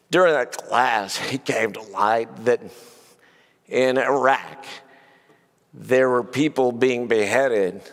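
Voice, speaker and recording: Man teaching a Bible class in a reverberant church. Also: medium pitch. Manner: conversational, asks many rhetorical questions, frequent "you know". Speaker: preacher. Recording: long hall reverb.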